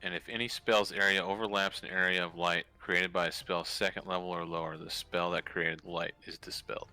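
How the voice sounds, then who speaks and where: A man's voice: low voice, little pitch movement, a little fast, pushed and bright, clear, resonant tone. A man playing a tabletop game, reading rules and talking bluntly with swearing. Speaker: player. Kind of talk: casual game chat.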